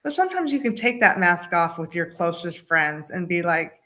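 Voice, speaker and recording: A woman guest telling personal stories in a casual interview, with a humorous, animated way of talking. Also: on the low side, normal speed. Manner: storytelling, acts out quoted voices, uses humor.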